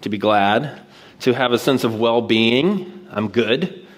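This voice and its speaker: A man preaching from a church stage in a relaxed, conversational way. His voice sits at a middle pitch, and he tells a neighborhood story before turning to his point. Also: slow pace. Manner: casual, storytelling, animated quoted voices. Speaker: guest preacher. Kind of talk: sermon with personal story.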